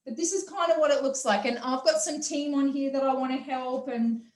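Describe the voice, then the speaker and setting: Energetic woman hosting a motivational workshop; high voice, echoey room. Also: brisk, slight background noise. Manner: energetic, enthusiastic, acts out quotes. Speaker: workshop host. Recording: roomy echo.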